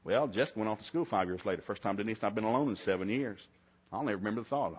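A man's voice: on the low side, racing, breathy edge. A middle-aged man, preaching a sermon in a folksy storytelling way. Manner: folksy storytelling, swings to loud shouted preaching. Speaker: pastor.

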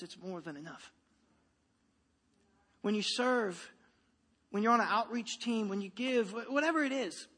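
Pastor man, thirties, high bright voice, chatty sermon delivery with lots of "right?", reverberant church hall. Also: breathy edge. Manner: conversational, repeats "right?" and restarts.

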